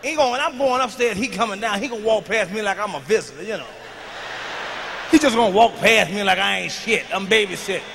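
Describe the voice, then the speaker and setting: A man doing a stand-up routine on an arena stage, loud and profane, shouting his punchlines into a handheld mic. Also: high-pitched, expressive, fairly quick, vocal fry, a little hiss or hum. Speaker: stand-up comedian. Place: large arena stage with live audience. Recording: live arena recording with long reverb.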